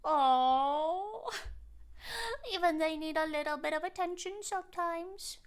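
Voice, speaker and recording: Bubbly giggly girl streamer, high voice, baby talk to her cats. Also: takes it slowly. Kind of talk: casual live-stream chat.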